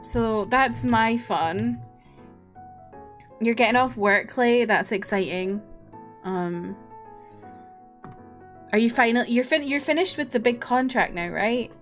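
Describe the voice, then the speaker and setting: A woman's voice: a little high, slow, long pauses, faint music behind. A tired young woman streamer chatting casually and rambling, often breaking into laughs.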